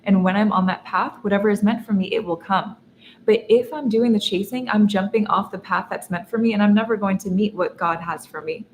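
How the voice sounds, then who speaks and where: A young woman coach teaching a masterclass, talking earnestly and telling animated stories with a laugh now and then. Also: medium pitch, fairly quick, a little hiss or hum. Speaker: feminine energy coach. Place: in Dubai. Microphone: seated while teaching.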